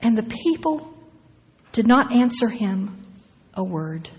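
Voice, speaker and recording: A woman preaching, her voice sitting a little high for a woman. She moves between reading scripture aloud and breaking in with emphatic asides. A long reverb trails her words through the hall. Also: very animated, takes it slowly, darkish tone, breathy edge.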